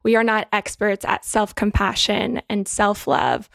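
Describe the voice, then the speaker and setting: A woman's voice: medium pitch, expressive, measured pace, creaky, fairly bright tone, no room sound, studio quality. A woman co-hosting a podcast, talking in an earnest, encouraging and reflective way. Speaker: podcast co-host. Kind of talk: reflective wellness podcast talk.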